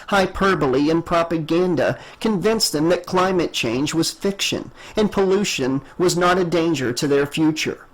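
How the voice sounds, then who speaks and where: A man narrates an audiobook with a steady, measured delivery. His voice sits fairly high for a man. He reads clearly and evenly from line to line. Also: poor audio.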